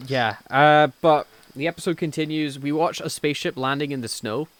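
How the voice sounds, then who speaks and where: A man's voice: fairly high pitch, normal speed, a bit bright, dry recording. A man co-hosting a podcast review in loose, profane casual chat, often acting out lines from scenes. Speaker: podcast co-host.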